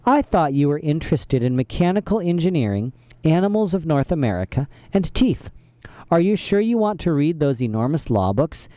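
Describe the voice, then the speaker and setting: A male storyteller lifts his voice into a cheerful woman judge who gushes over the theater. She sounds raised and eager. The read is dry and close, with a mellow tone. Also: a little high, very animated, normal speed, dry recording, pitched above the performer's own voice. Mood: gushing. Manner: gushing, eager.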